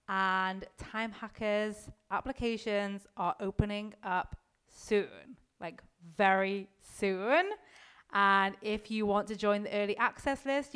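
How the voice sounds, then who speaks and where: A woman's voice: medium pitch, a bit bright, clean tone. A woman host wrapping up a podcast with announcements, friendly and addressing listeners directly.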